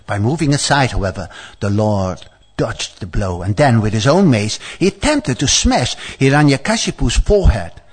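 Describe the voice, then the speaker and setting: A man reading a scripture story to a class in a voice of middling pitch, then slipping into casual asides full of stammered repeats and fillers. He teases his listeners playfully as he explains the passage. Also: big pitch swings, moderate pace, breathy edge. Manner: playful, teasing the audience.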